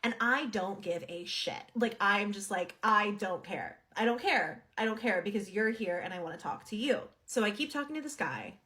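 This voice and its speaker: A woman's voice: mid-range voice, expressive, brisk, few pauses, sharp tone. A woman telling a dream story straight to camera in a casual, candid way, swearing freely and acting out the dialogue she quotes. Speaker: TikTok storyteller.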